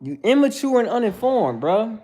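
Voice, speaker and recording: A man's voice: sits high, big pitch swings, moderate pace, mellow. A man hosting a livestream who answers viewers by name in casual, heated talk, calling everyone "bro.". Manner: heated, preachy, says "bro" constantly; addresses chatters by name. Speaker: livestream host.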